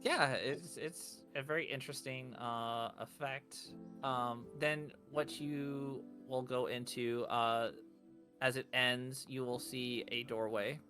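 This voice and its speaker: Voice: mid-range voice, steady tone, takes it slowly, music in the background. A game master narrating a tabletop game in a loose, rambling way full of fillers.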